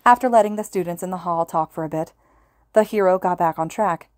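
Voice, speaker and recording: Low-pitched woman reading a story. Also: brisk, a little mellow, dry recording, clean studio sound. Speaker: podfic reader. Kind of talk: fan fiction audiobook narration.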